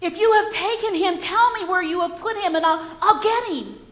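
A woman's voice: extremely high pitch, normal speed, a bit bright, voice pushed up. A grieving, pleading woman, as a preacher tells it. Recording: echoey hall.

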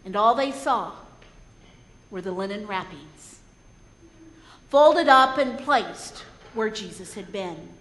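A woman's voice: mid-range voice, expressive, slow, pauses often, fairly bright tone. A woman preacher retelling a story in a sermon, earnest and reflective, often repeating words as she goes. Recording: echoey hall.

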